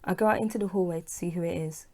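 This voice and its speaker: A woman narrating her own novel as an audiobook, in a lowish, warm voice. She reads steadily in the first person, giving the lines a little feeling. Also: racing. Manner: plain, steady reading, dialogue voiced with mild feeling.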